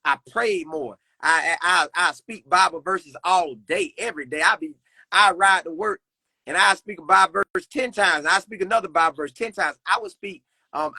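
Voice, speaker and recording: A man's voice: sits high, normal speed, vocal fry, pushed and bright, no room sound. A young man talking earnestly about faith as a podcast guest, repeating phrases in a preacherly way. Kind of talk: casual faith conversation.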